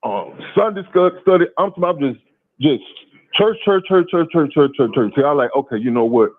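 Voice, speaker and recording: Guy calling in, kinda high voice, swears a lot, stutters on words, sounds like a cheap phone line. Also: normal speed. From Louisiana, USA. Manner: animated, profane, stammering repeats. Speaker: caller. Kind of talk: casual call-in storytelling. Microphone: phone call.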